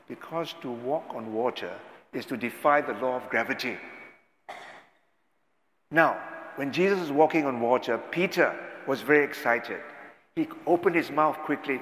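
A man's voice: mid-range voice, normal speed, a bit bright. A man preaching, echoing through a hall. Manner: dramatic preaching, swells and drops in volume. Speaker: pastor. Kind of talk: sermon. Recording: echoey hall, long reverb.

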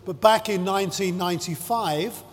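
A man preaching a sermon in a measured, emphatic way, drawing out his phrases and stressing key words. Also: high voice, soft background music. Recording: long hall reverb.

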